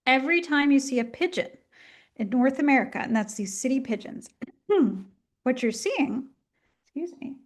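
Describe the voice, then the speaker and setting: A woman's voice: sits high, moderate pace. A woman giving a chatty, enthusiastic talk with many ums and asides, coughing now and then as she gets over a flu. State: coughing, at the tail end of a flu. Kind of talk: casual illustrated lecture.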